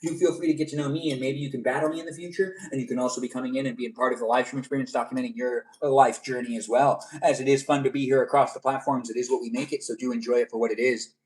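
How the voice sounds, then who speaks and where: Fast-talking man hosting a livestream. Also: mid-range voice, steady tone, a little mellow, distant mic. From Los Angeles, California. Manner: chatty, reads and answers viewer comments. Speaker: livestream host. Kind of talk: casual livestream chat.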